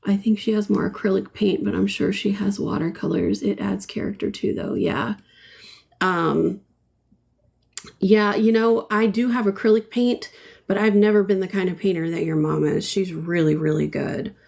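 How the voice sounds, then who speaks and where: A woman's voice: medium pitch, fairly even intonation, moderate pace, gravelly, darkish tone, husky. A middle-aged woman giving a casual live painting tutorial, chatty and full of ums as she answers viewers' comments while she works. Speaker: painting instructor.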